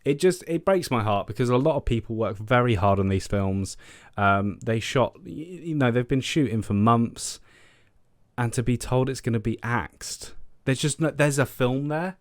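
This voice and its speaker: A man's voice: medium pitch, lively intonation, moderate pace, no echo, studio quality. Exasperated, swearing man. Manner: exasperated, swears often, repeats himself. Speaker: film news vlogger. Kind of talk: casual ranting commentary.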